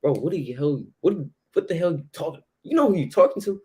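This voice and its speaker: A man puts on a calm, unbothered spiritual leader who talks back in loose, slangy phrases. The voice stays close to the speaker's own low, easy tone. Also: brisk, close to an everyday voice. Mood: incredulous. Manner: laid-back, slangy, dismissive.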